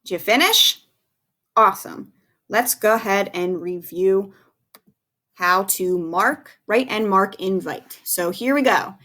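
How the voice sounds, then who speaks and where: Slow, patient woman teaching young kids. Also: medium pitch, a bit bright. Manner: slow, patient, encouraging, spells words out letter by letter. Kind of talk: recorded phonics lesson for young children.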